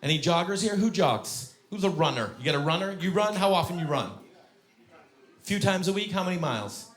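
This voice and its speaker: Animated stand-up comedian, man. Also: high voice, normal speed. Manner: animated, acts out voices with big shouted peaks. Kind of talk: stand-up storytelling. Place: theater stage with live audience. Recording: roomy live venue with crowd laughter.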